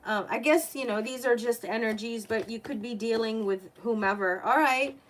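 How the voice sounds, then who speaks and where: A woman's voice: on the high side, moderate pace. A woman tarot reader live-streaming a reading, chatty and openly emotional as she talks to her viewers.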